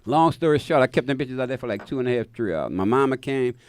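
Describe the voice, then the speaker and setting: A man hosting a radio show, telling a long profane story in casual chat, animated and acting out the voices of the people in it. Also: mid-range voice, fast talker, clear, resonant tone, no room sound, studio quality. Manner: animated, acts out quoted voices, laughs mid-story. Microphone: studio mic.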